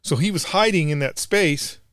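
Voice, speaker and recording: A man's voice: a little high, moderate pace, fairly bright tone, clean tone. A middle-aged man, a combat veteran guest, telling a war story in blunt, profane casual talk.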